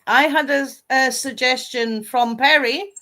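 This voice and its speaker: A woman's voice: sits high, unhurried, bright, forceful tone. A woman co-hosting a paranormal podcast, telling stories in a matter-of-fact way. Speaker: podcast co-host. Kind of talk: casual chat.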